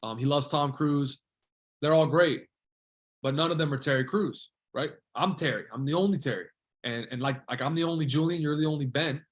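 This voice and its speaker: A man's voice: on the high side, brisk. A man hosting a podcast, chatting casually and earnestly with his guest, swearing freely and calling him bro. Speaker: podcast host.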